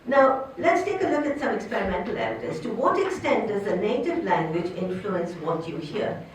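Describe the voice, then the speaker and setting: A woman's voice: normal speed, a little hiss or hum. An older woman, a linguistics professor, giving an academic lecture, explaining points and putting questions to her audience. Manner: explanatory, poses questions to the audience, lively pitch. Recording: echoey hall, distant from the mic.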